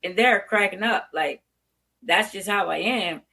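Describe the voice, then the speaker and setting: A woman's voice: mid-range voice, measured pace, sharp tone. An older woman, a veteran educator, talking frankly and bluntly as an interview guest, laughing easily. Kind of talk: candid interview talk.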